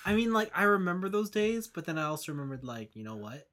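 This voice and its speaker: A man's voice: sits high, big pitch swings, fast talker, fairly bright tone. A young man hosting a casual podcast, teasing his co-host in a dry way. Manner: teasing, dry, laughs often. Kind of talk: casual chat.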